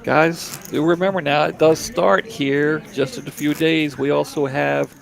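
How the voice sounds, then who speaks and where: A man's voice: a little high, steady tone, a little slow, gravelly. A middle-aged man from Delaware giving laid-back, chatty play-by-play commentary on a live poker broadcast.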